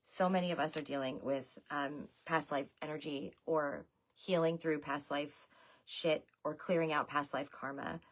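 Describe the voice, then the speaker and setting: A woman's voice: sits low, fairly even intonation, normal speed. A woman giving a loose, chatty tarot reading to her viewers, talking to them as y'all. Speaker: tarot reader. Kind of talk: casual livestream tarot reading.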